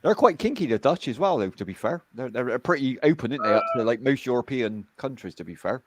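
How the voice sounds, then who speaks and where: A man's voice: mid-range voice, animated, fast talker, slight background noise. A man from the UK hosting a casual chat stream, rambling chattily with tag questions on a home computer mic.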